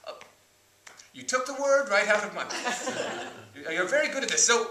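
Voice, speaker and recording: A man playing an awkward male court-appointed therapist in an improv scene, halting and politely formal. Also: very high voice, animated, bright, forceful tone, voice pushed up, exaggerated voice. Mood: hesitant. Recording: roomy, distant mic.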